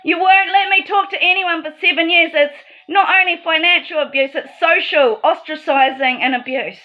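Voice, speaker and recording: A woman's voice: very high voice, normal speed, dull audio, faint music behind. A woman delivering an aggrieved, accusatory monologue straight to the viewer. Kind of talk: emotional monologue to camera.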